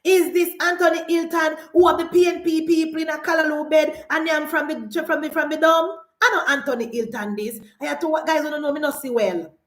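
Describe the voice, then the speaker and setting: A Jamaican woman with a high voice delivers a fiery political rant into her phone. She mocks and hammers her points with repeated rhetorical questions. The room around her rings with echo. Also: steady tone, fairly quick, few pauses. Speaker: political commentator. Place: indoors, filming herself for social media.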